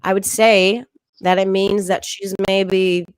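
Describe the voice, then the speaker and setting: Deadpan young comic with a dry sound. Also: female voice, mid-range voice, slow, smooth, dry recording, poor audio. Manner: deadpan, with frequent ums and little laughs. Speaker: stand-up comedian. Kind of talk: stand-up comedy set. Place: home, virtual show.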